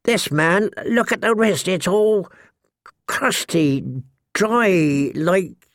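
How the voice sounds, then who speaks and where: Man putting on a high, jittery young man, stammering, gravelly edge, dry sound. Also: lively intonation, very slow, fairly bright tone, no room sound, exaggerated voice. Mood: nervous. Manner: stammering, breaking off mid-phrase.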